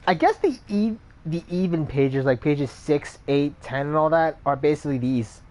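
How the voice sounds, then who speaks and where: A man's voice: a little high, lively intonation, normal speed, a little mellow. Casual man commenting on gameplay. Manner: casual, self-deprecating asides. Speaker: let's play host. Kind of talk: gameplay commentary and reading aloud.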